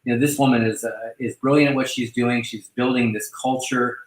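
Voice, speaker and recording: A man hosting a casual online chat who talks effusively, halting often to restart his sentences. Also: medium pitch, fairly even intonation, echoey room, poor audio. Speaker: host welcoming a new agent.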